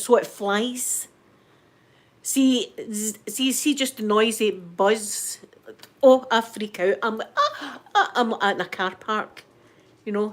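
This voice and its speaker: Middle-aged scottish woman rambling on a live stream, bit high pitched, says hi to viewers by name. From Scotland. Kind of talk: casual chat.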